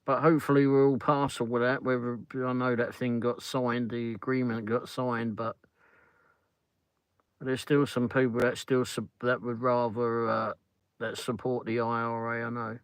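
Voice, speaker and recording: A man's voice: mid-range voice, level tone, moderate pace, smooth, dry recording, poor audio. A middle-aged English man hosting a casual livestream chat from a car on the drive home, rambling as he answers viewer comments. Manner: rambling, peppers talk with "flipping". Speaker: livestream host.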